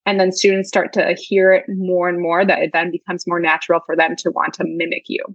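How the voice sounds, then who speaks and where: A woman appears as a guest literacy educator in a casual conversational interview, explaining teaching ideas chattily with lots of filler "like"s. Her voice is lowish, fairly quick, and flat. The dull lo-fi recording is dry, with no room sound.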